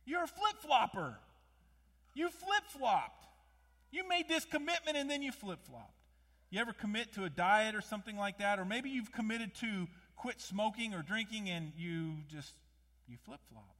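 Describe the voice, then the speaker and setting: A man preaching a sermon, animated, with many rhetorical questions, rising to loud emphasis and dropping low again. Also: normal speed. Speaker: pastor. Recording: long hall reverb.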